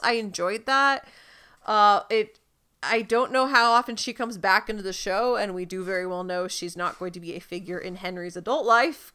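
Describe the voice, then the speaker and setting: A woman co-hosting a podcast, recapping a TV episode in casual chat with quick asides. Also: fairly high pitch, pushed and bright, clear, resonant tone. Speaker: podcast co-host.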